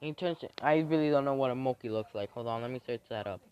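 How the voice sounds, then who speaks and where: A man's voice: mid-range voice, fast talker, darkish tone, clear, resonant tone, no echo. Man, improvised story, rambling, lots of ums and restarts, muffled lo-fi audio. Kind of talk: improvised fan-fiction storytelling. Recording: dull lo-fi recording.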